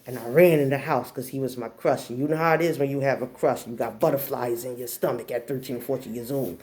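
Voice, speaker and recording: A woman in her forties from New Jersey telling a personal story in a casual way, acting out the people in it with sudden shrill outbursts. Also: a little fast. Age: 40s. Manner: animated, acts out voices in shrill outbursts.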